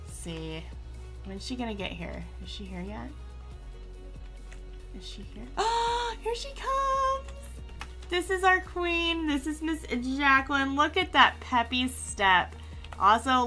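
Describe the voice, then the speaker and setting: A woman giving casual let's-play commentary, chatty and excitable, gushing and teasing herself as she plays. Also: on the high side. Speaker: gaming YouTuber.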